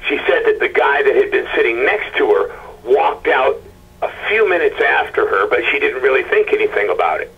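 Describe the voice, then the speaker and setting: Husky man, halting and stammering, muffled lo-fi interview audio. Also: mid-range voice, animated. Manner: halting, stammering retelling with quoted dialogue. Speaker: husband of a missing woman, interview guest. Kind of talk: emotional personal account.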